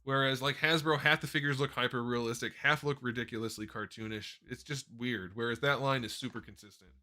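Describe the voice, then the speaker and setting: Chatty man on a bright live stream. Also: medium pitch, steady tone, brisk. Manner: chatty, rambling, self-correcting. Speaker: host answering viewer questions. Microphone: desk microphone. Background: faint background music.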